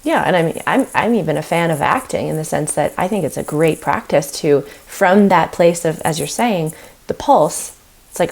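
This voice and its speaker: A woman guesting on a podcast, chatting in a loose, animated way with frequent laughter. Her voice sits on the low side and has a gravelly, fry-edged texture. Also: normal speed. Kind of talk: casual podcast conversation.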